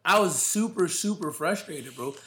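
Male host, slightly high bright voice, slangy emphatic sports chatter. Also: expressive, normal speed. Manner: emphatic, slangy, calls listeners bro. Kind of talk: casual sports talk.

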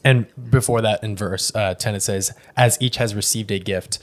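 Low-voiced dude hosting a chill faith podcast, laughs a lot, fixes himself as he goes. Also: moderate pace. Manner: relaxed, laughs easily, corrects himself mid-sentence. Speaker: podcast host. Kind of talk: casual faith podcast chat.

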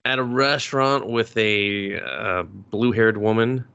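A man with a low voice that still has a bright, forceful edge, chatting loosely on a podcast. He retells a story in a rambling way, slipping into quotes of the characters with little chuckles. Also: slow pace, gravelly, clean tone, dull audio. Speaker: podcast co-host. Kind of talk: casual chat recapping anime episodes.

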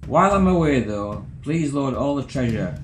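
A man doing a brisk, confident detective. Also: medium pitch, expressive, slight background noise, natural voice. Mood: reassuring.

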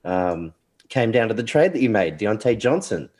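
A man's voice: on the low side, sing-song, moderate pace, a little mellow. A man co-hosting a casual podcast chat with laid-back teasing banter, sounding sniffly and congested. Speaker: podcast co-host.

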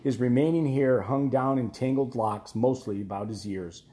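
A man narrating an audiobook in a measured storytelling voice that drops quiet at tense moments. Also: medium pitch, reverberant. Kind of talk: scripted narration.

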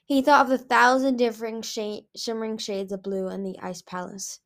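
A woman reading a fantasy novel aloud in a lively, expressive way. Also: fairly high pitch, moderate pace, few pauses. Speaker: audiobook reader. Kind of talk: storybook reading.

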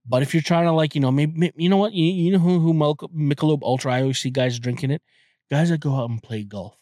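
A man's voice: fairly high pitch, fast, dark tone, dry recording, clean studio sound. Rambling, cursing young man podcaster. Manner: rambling, profane, many restarts and fillers. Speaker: podcast host. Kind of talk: casual solo podcast talk.

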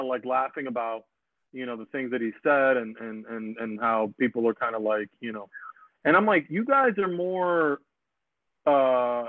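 A man hosting a casual podcast chat. He talks in an animated, rambling way, repeats his words and acts out what other people said. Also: medium pitch, dry recording. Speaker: podcast host. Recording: dry phone-like audio.

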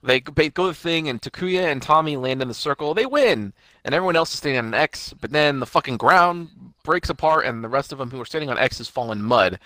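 A young man's bright, lively voice bounces around as he swears his way through a retelling to a friend. The sound is dry and close, like a headset on a voice call. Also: fairly high pitch, fast, dry recording. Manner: animated, profane, laughs while retelling. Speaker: friend recapping a cartoon. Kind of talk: casual chat over voice call.

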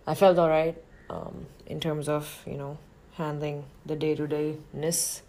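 A woman's voice: sits low, little pitch movement, a little slow, dark tone. A woman, an actor telling a personal story in a frank, reflective and profane way. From northern India.

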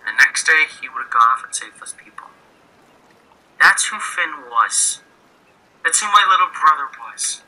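A man's voice: fairly high pitch, lively intonation, normal speed, pauses often, pushed and bright, heavily acted. A man playing an earnest grieving crewmate. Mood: earnest, consoling. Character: earnest man consoling his captain over his dead brother. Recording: phone-like lo-fi line.

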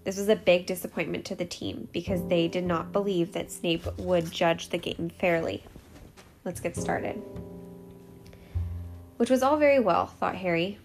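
A woman's voice: fairly low pitch, normal speed, music in the background. Woman reading a novel aloud. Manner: steady, clear narration with small slips. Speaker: storyteller.

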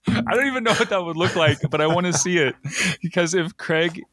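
A man's voice: high-pitched, moderate pace, a bit bright, no room sound, studio quality. A man hosting a podcast, casually recapping a TV episode and laughing often as he retells scenes. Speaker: podcast host.

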